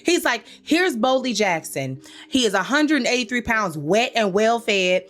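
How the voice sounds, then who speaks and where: A woman hosting a comedic recap show, her fairly high voice swinging up and down as she scolds the characters. She is slangy and sassy and talks to her listeners as y'all. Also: measured pace. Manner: animated, sassy, talks back to characters in quoted asides. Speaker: comedic commentary host.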